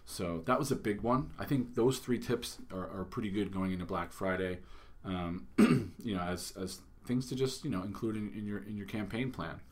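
Guy in his 30s, lowish voice, rambly podcast chat with lots of ums. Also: normal speed. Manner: chatty, lots of fillers and restarts. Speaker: podcast host. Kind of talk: casual marketing podcast chat.

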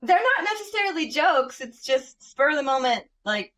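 Lively, teasing woman guest. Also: sits high, normal speed. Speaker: guest, co-host's wife. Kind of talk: casual chat.

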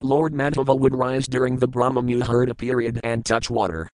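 A man giving a measured, formal reading of scripture, reciting verses and then their translations. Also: medium pitch, steady tone, no echo, poor audio. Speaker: scripture reader.

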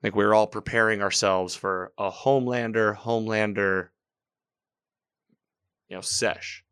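A man with a fairly low voice hosts a podcast, talking through a TV episode in loose live-watch commentary. He recaps scenes in an animated, chatty way, quoting characters and chuckling as he goes. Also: a little slow, smooth. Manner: chatty, animated recapping with laughs and quoted lines. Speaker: podcast host.

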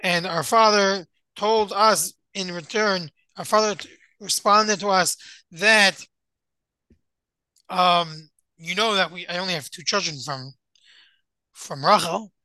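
Man, rabbi, Torah class, reads Hebrew verses and translates them, bright voice, dry sound. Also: sits high, slow pace, long pauses, clean tone, dry recording, low-quality recording. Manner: thinks aloud, asks and answers his own questions.

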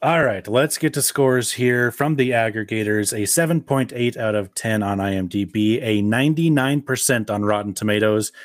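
A man co-hosting a casual movie review podcast, reading out film facts and scores with a relaxed, jokey manner. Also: on the low side, moderate pace, few pauses, no echo, studio quality. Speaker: podcast co-host.

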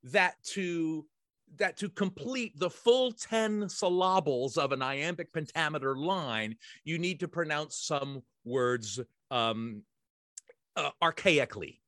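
A man in casual podcast talk, emphatic and wry, stumbling through restarts and fillers as he works out his point. His voice sits a little on the high side for a man. The sound is close and dry, with no room around it. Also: takes it slowly, fairly bright tone, no room sound. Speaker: guest, theatre director and writer.

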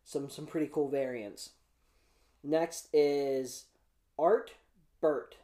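A man's voice: a little high, fairly even intonation, very slow, warm tone. A young man hosting his own show, chatting casually and rambling with plenty of fillers as he runs through upcoming releases. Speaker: comic preview host. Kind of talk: casual solo vlog.

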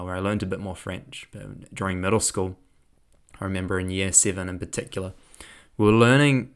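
A young man telling a personal story in a reflective way, laughing often and filling pauses with lots of ums. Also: deep voice, a bit bright, smooth.

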